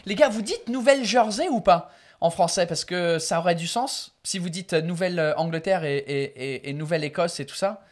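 A woman's voice: on the low side, fast. A woman hosting a casual chat, playful and freely swearing. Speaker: host. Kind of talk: casual chat, switching between English and French.

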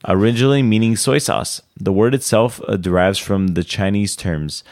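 A man's voice: lowish voice, normal speed, a little mellow. A young man co-hosting a podcast, chatting in a rambling, enthusiastic way with many fillers. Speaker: podcast co-host. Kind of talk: casual chat.

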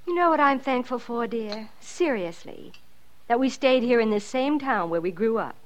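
A woman's voice: fairly high pitch, animated, moderate pace, highs cut off, a little hiss or hum, natural voice. A woman playing a practical middle-aged wife and mother in a 1950s radio drama, dry and wry.

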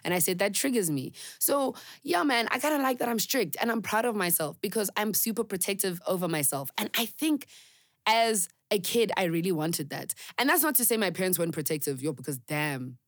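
A woman's voice: mid-range voice, expressive, a little fast, no room sound, studio quality. A young woman hosting a podcast, talking candidly and earnestly in a reflective monologue full of fillers and emphatic repeats. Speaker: podcast host.

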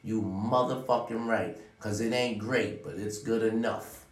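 A man with a lowish voice giving a rambling, profanity-laced motivational talk to his audience. He sounds like he is sitting back from the mic in an echoey room. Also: fairly even intonation, a little slow, far from the mic. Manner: preachy, profane, repeats "ladies and gentlemen". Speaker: vlogger giving life advice. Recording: roomy sound, away from the mic.

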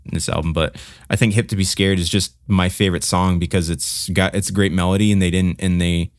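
A man's voice: sits low, fairly even intonation, a little fast, no room sound, clean studio sound. A man co-hosting a podcast, chatting casually about albums with lots of fillers and restarts, humming riffs as he goes. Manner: rambling, many fillers and restarts, hums riffs. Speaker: podcast co-host. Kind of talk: casual music review chat.

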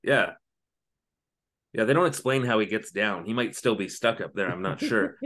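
A man's voice: fairly low pitch, moderate pace, a bit bright. Rambling man recapping a show. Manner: rambling, filler-heavy retelling. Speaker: podcast co-host. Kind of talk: casual chat recapping a TV episode.

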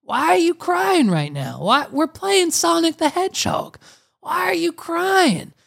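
A confused young guy, voice pushed up high, firing off incredulous questions as a woman podcaster acts him out. He sounds thrown and keeps asking what is going on. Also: big pitch swings, unhurried, gravelly, exaggerated voice. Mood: baffled. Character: bewildered young man asking his crying friend why.

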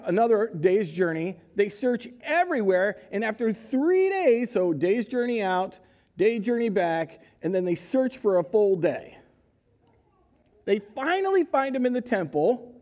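A man preaching to his church, telling the story with animated energy. His voice sits high and leaps up and down in pitch. He asks the congregation questions and acts out the people in the story. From United States. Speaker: pastor. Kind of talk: sermon. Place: church sanctuary.

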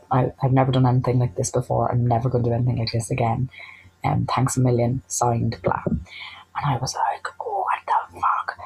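An Irish woman telling a personal anecdote in a chatty, animated way, acting out the lines of the people in it. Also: rumbling low, vocal fry, breathy edge, low-quality recording. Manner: chatty, animated, acts out quoted dialogue. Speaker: storyteller.

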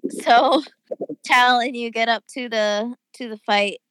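A woman's voice: fairly high pitch, fairly even intonation, slow pace, fairly bright tone, clear, resonant tone, no room sound, rough recording. A woman running a tabletop game as game master, chatty and full of small hesitations.

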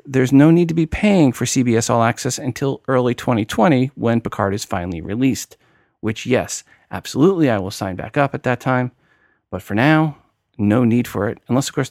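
A man's voice: medium pitch, creaky, dry recording, studio quality. A man hosting a tech podcast with a New York accent, talking casually and explaining steps one by one. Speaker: podcast host.

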